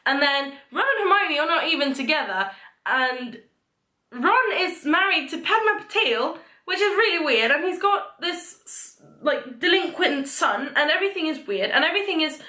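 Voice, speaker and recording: A young woman vlogger rambling excitedly through a book recap, full of "like" and fillers. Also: high-pitched, moderate pace. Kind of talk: casual book talk. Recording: echoey room.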